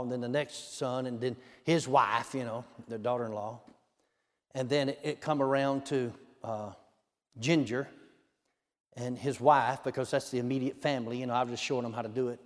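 A man telling a minister's testimony in a folksy way, with many "you know" asides. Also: mid-range voice. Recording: long hall reverb.

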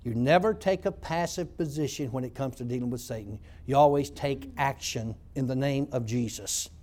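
A male pastor preaching a sermon, telling stories and building up to loud shouts. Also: mid-range voice, moderate pace.

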